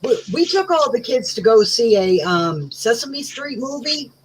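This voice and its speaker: A woman's voice: on the high side, very animated, measured pace, a little hiss or hum, rough recording. A woman chatting as a guest, telling rambling stories full of asides. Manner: rambling storyteller, many "you know"s. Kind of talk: casual chat.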